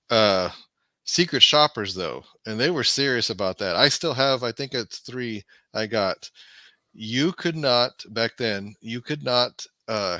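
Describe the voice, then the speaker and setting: A man's voice: lowish voice, sharp tone, no echo. A man chatting on a live show about running a comic shop, rambling with many restarts. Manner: rambling, halting, lots of restarts and fillers. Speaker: former comic shop owner, co-host. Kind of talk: casual live-stream chat.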